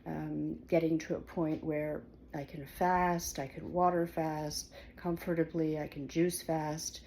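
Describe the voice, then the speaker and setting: Woman, home-kitchen vlogger, slightly low gravelly voice, hesitant and rambling delivery. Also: flat delivery, slow, warm tone, a little hiss or hum. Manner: rambling, hesitant, many fillers and restarts. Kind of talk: casual kitchen vlog.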